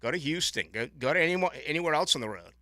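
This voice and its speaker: Radio host guy ranting away, super bright sharp voice, dry studio sound. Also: on the high side, fast, no room sound. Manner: animated, ranting, opinionated. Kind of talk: casual radio chat. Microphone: studio microphone.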